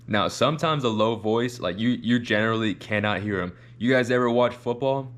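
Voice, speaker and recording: A man with a fairly low voice talks through a reaction video in casual, rambling commentary. He restarts and repeats words as he works his ideas out. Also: a little fast, hardly any pauses.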